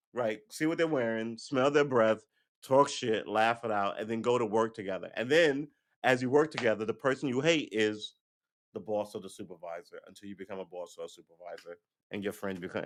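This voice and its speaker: A man's voice: lowish voice, fairly quick. A middle-aged man hosting a livestream, chatting casually to viewers in a loose, rambling way, swearing and laughing often. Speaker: livestream host.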